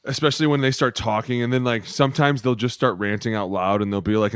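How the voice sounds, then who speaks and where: Man, podcast co-host, casual, profane, animated storytelling, dry sound. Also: medium pitch, fast talker, clear, resonant tone, dry recording. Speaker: podcast co-host, former lineman.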